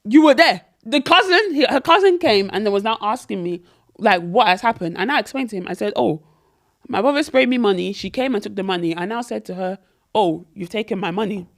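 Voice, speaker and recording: A woman's voice: mid-range voice, brisk. A woman, co-hosting a podcast and telling a long story in casual chat, acting out what people said. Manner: animated, acts out quotes in other voices. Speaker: podcast co-host.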